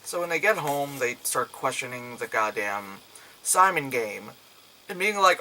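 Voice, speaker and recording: A man's voice: medium pitch, expressive, a little slow, sharp tone, a little hiss or hum, low-quality recording. A young man giving a casual, profane movie review, rambling and acting out characters' lines.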